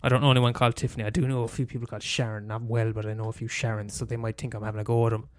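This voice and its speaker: A man's voice: mid-range voice, little pitch movement, very fast, no room sound. Man, limerick irish accent, comedic rant, sweary, exasperated, repeats himself, dry close sound, faint music behind. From Limerick, Ireland. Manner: profane, exasperated, full of restarts and repetitions.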